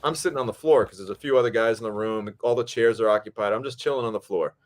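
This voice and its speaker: A man hosting a podcast, telling a story in casual chat, animated and profane, acting out what people said. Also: fairly low pitch, fast talker. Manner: animated, acts out quotes, swears freely. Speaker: podcast host.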